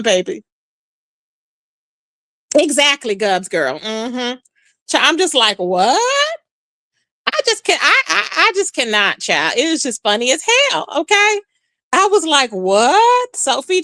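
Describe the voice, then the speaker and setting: A woman with a high-pitched voice hosts a live stream, chatting casually and animatedly with viewers and reacting to comments, saying "child" often. There is no room sound.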